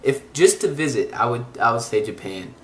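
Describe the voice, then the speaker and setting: An easygoing man hosts a casual podcast chat at a middle pitch, relaxed and friendly in manner. His voice carries a roomy echo, with faint noise behind it. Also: normal speed. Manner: easygoing, laughs along. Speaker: podcast host.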